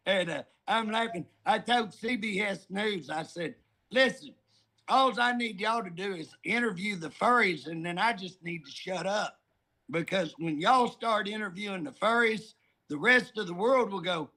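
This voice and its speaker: A man's voice: sits high, moderate pace, sharp tone. A middle-aged man, telling stories in a folksy, joking drawl on a talk show. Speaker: politician guest. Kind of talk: casual talk show chat.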